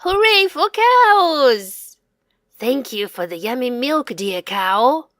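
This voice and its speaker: A woman voicing a curious, excited three-year-old boy in a children's storybook reading, speaking high and eagerly. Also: a little slow, no room sound, clean studio sound. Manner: eager, high and bright, calls out moos.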